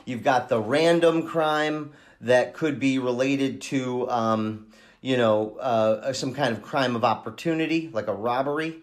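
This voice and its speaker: A man with an ordinary, middle-range voice hosts a true-crime podcast. He talks in an unhurried, conversational way. He often stops and restarts his sentences as he works through his thoughts. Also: medium pitch. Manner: halting, thinks aloud with many restarts. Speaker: podcast host and case investigator.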